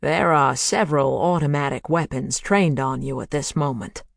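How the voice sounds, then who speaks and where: A narrator putting on a synthesized celebrity voice that booms over speakers and gives orders with mocking calm. It rises high and loud on its commands. It is an audiobook reading, recorded dry. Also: moderate pace, gravelly, no room sound, close to an everyday voice.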